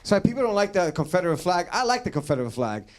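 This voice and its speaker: High-pitched man, stand-up comedy set, rambling delivery with fillers, faint background noise. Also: sing-song, fast. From New York City. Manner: rambling, many uh fillers and restarts.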